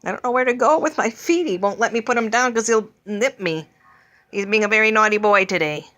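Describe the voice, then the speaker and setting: Woman, sing-song baby talk, bright tone, playful scolding, home video. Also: mid-range voice, brisk. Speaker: pet bird owner. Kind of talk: home video talking to a pet.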